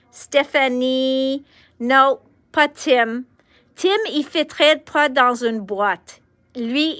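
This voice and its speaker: A chipper woman hosts a live shopping stream. She greets her viewers one by one at an unhurried pace, in a fairly high voice. The sound is dry and close, with no room around it. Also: a bit bright, no echo. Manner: chipper, greets viewers by name, switches between English and French. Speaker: shop host on a livestream.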